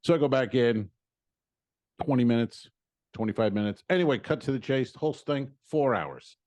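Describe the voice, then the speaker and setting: A man co-hosting a comedy podcast, retelling a frustrating errand in an animated, swearing, storytelling way and acting out both sides of the exchange. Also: medium pitch, normal speed, dry recording. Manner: swears casually, laughs often. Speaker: podcast co-host.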